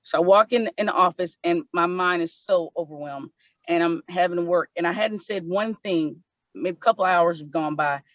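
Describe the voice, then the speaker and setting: A woman speaks on an online panel and tells a painful personal story with steady earnestness. She often restarts and repeats words as she talks. Her voice comes through a muffled, lo-fi call with a dry sound. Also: lowish voice, normal speed, no echo. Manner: earnest, repeats herself when moved. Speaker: panel presenter. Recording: dull lo-fi online call audio.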